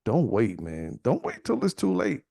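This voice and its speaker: Loud joking man, lively voice. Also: medium pitch, normal speed, creaky, no echo, studio quality. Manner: loud, excitable, joking, swears a lot. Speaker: podcast co-host. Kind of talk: casual banter.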